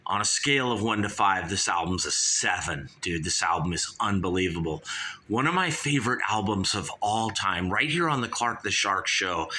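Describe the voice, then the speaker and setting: A man hosting his own show, giving a rambling, excitable album review that is full of swearing and keeps repeating "you guys" and "dude". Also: on the low side. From California.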